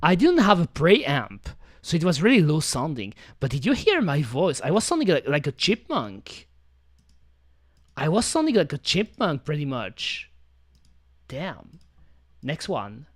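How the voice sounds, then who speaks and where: A woman's voice: sits low, very animated, measured pace, no room sound. A woman streaming from home into a studio microphone, chatting casually with slightly non-native phrasing. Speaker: VTuber streamer. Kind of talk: casual chat.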